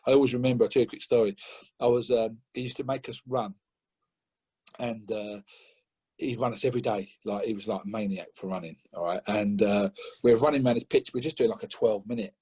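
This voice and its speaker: A middle-aged man from England, a podcast guest telling an animated story in casual chat, often laughing and acting out what others said. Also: a little fast, husky. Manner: animated, laughing, acts out quotes with rising pitch.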